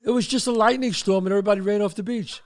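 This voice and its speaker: Racing along in a high-sitting voice, this older host from the Bronx tells stories casually. He gets animated and acts out each character's voice.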